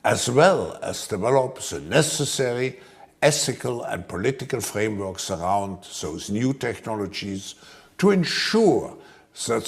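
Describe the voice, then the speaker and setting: A man with a German accent giving a formal public speech in a measured, deliberate way. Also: mid-range voice, creaky.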